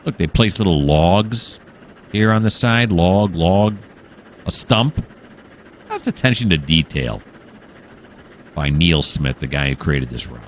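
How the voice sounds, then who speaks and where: Low, lively rambling game commentator man. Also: slow, pauses often, slight background noise. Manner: rambling, easily distracted, musing aloud with many fillers. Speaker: gaming channel host. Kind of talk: casual let's-play commentary.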